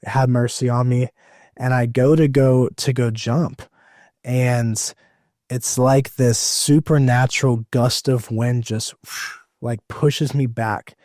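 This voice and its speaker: A man's voice: medium pitch, fairly even intonation, slow pace, darkish tone, dry recording, clean studio sound. A young man in his twenties, an evangelist, telling his testimony in a rambling, emotional way with many fillers and restarts. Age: 20s. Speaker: evangelist guest. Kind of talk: personal testimony in conversation.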